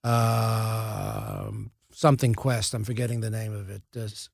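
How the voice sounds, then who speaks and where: A man's voice: on the low side, little pitch movement, a little slow, vocal fry, no echo, studio quality. An older man, an actor and podcast guest, telling rambling, amused anecdotes. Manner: rambling storyteller, fond and amused. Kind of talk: conversational anecdotes.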